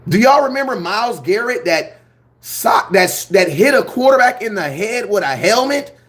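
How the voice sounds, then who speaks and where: A man hosting a sports fan channel, ranting his opinions in a blunt, slangy, animated way. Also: high voice, moderate pace. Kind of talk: fired-up sports opinion rant.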